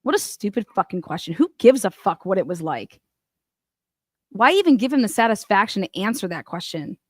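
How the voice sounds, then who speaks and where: A woman's voice: medium pitch, big pitch swings, a little fast, no echo, clean studio sound. A woman hosting a casual commentary show, reacting to news clips in a blunt, profane and mocking way. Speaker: host.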